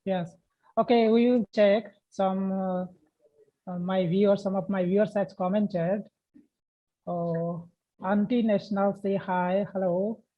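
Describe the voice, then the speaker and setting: A woman hosting a live English chat stream, speaking halting non-native English with many uhs. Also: medium pitch, steady tone. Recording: muffled online audio.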